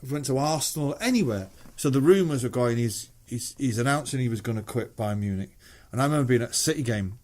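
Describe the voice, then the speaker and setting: A man's voice: mid-range voice, lively intonation, fast talker, few pauses, darkish tone. A middle-aged man with a Mancunian English accent, a musician guest telling anecdotes in casual chat, swearing freely and acting out quoted voices.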